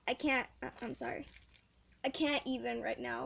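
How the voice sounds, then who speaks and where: A teenage girl unboxing a package for her vlog, excitable and giggly, gushing over each item in casual chat. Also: fairly high pitch, moderate pace, vocal fry, poor audio. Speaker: vlogger.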